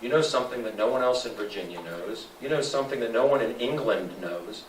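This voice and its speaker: A man giving an animated sales presentation to a live audience, asking the room questions. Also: medium pitch, brisk, a little hiss or hum. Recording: echoey room from a distance.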